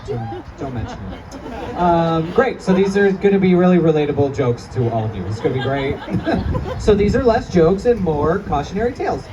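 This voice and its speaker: In a comedy club before a live crowd, a man in his thirties performs a profane, self-mocking stand-up set and laughs through his own punchlines. His voice is on the high side with lively intonation at normal speed. The stage audio is distant and muffled, with the audience laughing and chattering.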